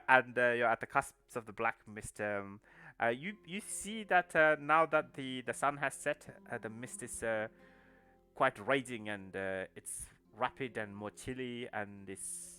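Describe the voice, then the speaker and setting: A man narrating as game master in a tabletop game, pausing often with fillers. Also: medium pitch, lively intonation, bright, forceful tone, clear, resonant tone, soft background music. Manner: hesitant, filler-heavy narration.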